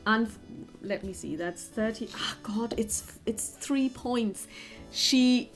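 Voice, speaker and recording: A woman's voice: on the high side, slow pace, soft background music. A woman narrating a tabletop horror game as game master, friendly and hesitant, with many fillers.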